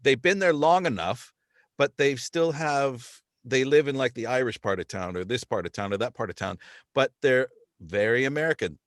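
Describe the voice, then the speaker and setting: A man from Canada hosts a casual podcast chat, telling stories with lively asides and quick impressions of other accents. His voice sits at an ordinary middle pitch. The sound is dry and close, with almost no room around it. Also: no room sound. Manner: animated storyteller, slips into mock accents. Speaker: podcast host.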